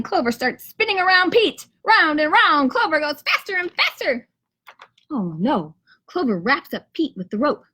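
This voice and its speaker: A kindergarten teacher reading a picture book aloud to children on a live stream from home, with lively storytelling. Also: female voice, high-pitched, breathy edge. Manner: lively storytelling, rhymes read with bounce. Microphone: camera or phone on a live stream.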